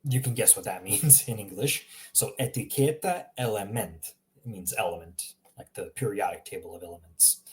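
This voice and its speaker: A man giving a relaxed spoken language lesson, slowing down to model words and chuckling now and then. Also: deep voice. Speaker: language teacher.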